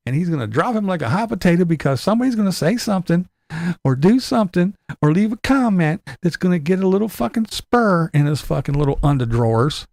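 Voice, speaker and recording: Gravelly, profane man ranting. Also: high voice, very animated, fast talker, a little mellow, no room sound. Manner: profane, mocking, laughing often. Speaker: livestream host.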